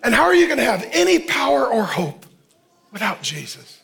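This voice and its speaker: A man's voice: extremely high pitch, sing-song, fast talker, vocal fry, a bit bright. A male pastor preaching a sermon with impassioned, urgent pleading.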